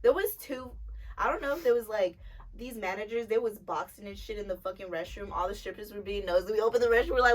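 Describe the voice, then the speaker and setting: A young woman with a high voice tells stories in a relaxed, profane way in a casual podcast chat, breaking into laughter often. Her voice sounds a little distant from the mic. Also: quick pace. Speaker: podcast co-host.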